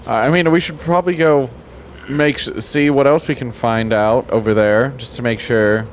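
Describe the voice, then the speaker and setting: A man's voice: mid-range voice, fairly even intonation, moderate pace, a little hiss or hum. A man playing a tabletop game, joking around as his character in casual, playful banter. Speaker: player. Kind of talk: casual tabletop role-play.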